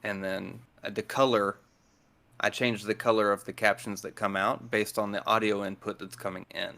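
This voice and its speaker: A man's voice: fairly low pitch, fairly even intonation, normal speed, vocal fry, sharp tone. A man speaking as a guest in a casual chat, blunt, direct and dry in manner.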